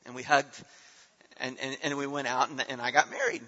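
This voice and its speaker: A middle-aged man preaching a sermon as pastor, earnest, his voice swelling loud and then dropping soft. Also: mid-range voice, steady tone, a little fast. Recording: dull lo-fi sound in a reverberant hall.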